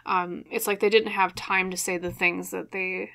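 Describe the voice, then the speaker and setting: Young female tarot reader, emotional and halting, speaks low with a flat, even delivery. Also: vocal fry. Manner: soft, hesitant, many fillers and restarts. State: choked up, emotional. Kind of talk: pick-a-card tarot reading to camera.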